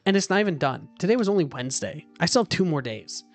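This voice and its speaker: A woman's voice: fairly low pitch, very animated, quick pace, soft background music. A woman streamer telling a story in a casual chat stream from a hotel room, exasperated and dramatic, swearing freely.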